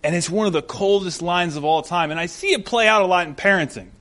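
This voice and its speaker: A man preaching a sermon as pastor, in a conversational, animated storytelling manner. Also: high-pitched, fast.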